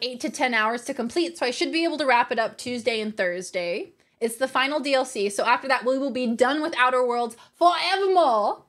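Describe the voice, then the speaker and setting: Woman streamer, slightly high voice, chatty and giggly, reading chat out loud. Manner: chatty, laughs often, reads chat aloud. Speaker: livestreamer. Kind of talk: casual chat with viewers.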